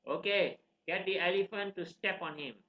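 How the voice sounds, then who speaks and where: A man voicing a furious, arrogant king who is the boy's father, in a loud, demanding storytelling voice. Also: sits high, normal speed, natural voice. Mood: angry. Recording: roomy, slightly dull recording.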